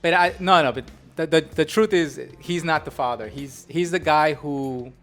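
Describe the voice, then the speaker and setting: A man's voice: fairly high pitch, moderate pace, soft background music. A middle-aged man hosting a podcast, chatting casually and with energy, often restarting his sentences. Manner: animated, talks through restarts and asides. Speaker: podcast host. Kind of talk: casual chat.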